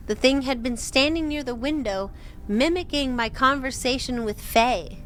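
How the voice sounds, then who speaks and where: A woman's voice: sits high, moderate pace, a bit bright, a little hiss or hum. A young woman casually reading a horror story aloud, breaking off with giggling, swearing asides. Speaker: story reader.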